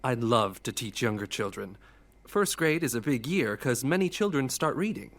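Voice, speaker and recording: A man reading a friendly teaching-job applicant in a scripted textbook listening dialogue, clear and even. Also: mid-range voice, normal speed. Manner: clear, evenly paced, textbook delivery.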